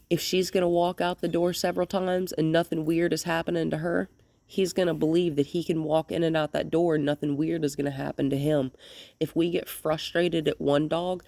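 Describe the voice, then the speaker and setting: A woman's voice: deep voice, gravelly, mellow, dry recording. A woman dog trainer giving hands-on instruction, explaining plainly and switching to cheerful, coaxing talk with the dogs.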